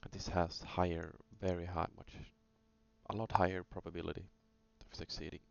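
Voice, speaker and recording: A man's voice: sits low, little pitch movement, moderate pace, vocal fry. A man casually talking through chart trades in a screen-recorded review, thinking aloud with many fillers. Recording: dull lo-fi sound with faint hum.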